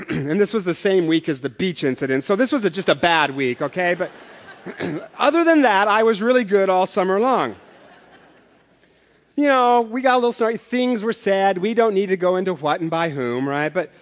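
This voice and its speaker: Pastor preaching in a reverberant hall. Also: male voice, high voice, expressive, normal speed. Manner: conversational, self-deprecating humor. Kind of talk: sermon with storytelling.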